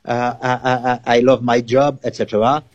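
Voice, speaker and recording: Male journalist, halting English. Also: mid-range voice, flat delivery, no room sound, dull audio. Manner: halting non-native English with many fillers. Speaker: journalist guest. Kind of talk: phone interview.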